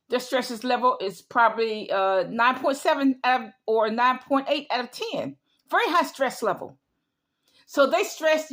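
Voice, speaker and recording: A woman's voice: sits high, a bit bright. A middle-aged woman giving an emphatic opinion monologue, repeating her points in a lecturing way. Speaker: vlogger.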